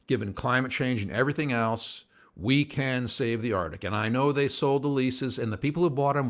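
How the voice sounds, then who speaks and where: A man's voice: mid-range voice, fairly quick. Earnest rambling man hosting a livestream. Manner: rambling, earnest, gets worked up and calms himself. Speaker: host of a livestream show. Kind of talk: casual livestream chat to viewers. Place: at home by a window, indoors.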